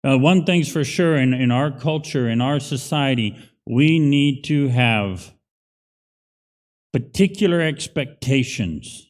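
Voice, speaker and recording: A man's voice: mid-range voice, lively intonation, takes it slowly. A male pastor preaching a conversational, emphatic sermon in a church. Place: church sanctuary. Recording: long hall reverb.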